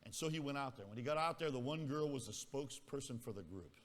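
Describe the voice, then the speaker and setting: A man's voice: medium pitch, expressive, fast talker. A male pastor telling a story in a sermon in a folksy manner, teasing his congregation. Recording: echoey hall reverb.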